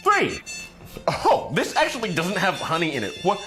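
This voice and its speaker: A man's voice: high-pitched, big pitch swings, fairly quick, a bit bright, soft background music. A tipsy man hosting a cooking show, chatting casually and cracking goofy jokes as he cooks. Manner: playful, joking, goofy asides. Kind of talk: casual cooking demo chat.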